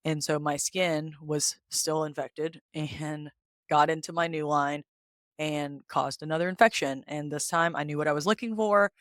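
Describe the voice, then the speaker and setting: A woman hosting a podcast, candidly retelling her own story in a casual, animated way and acting out the quoted dialogue. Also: low voice, moderate pace, dry recording, clean studio sound. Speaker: podcast host. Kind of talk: personal storytelling.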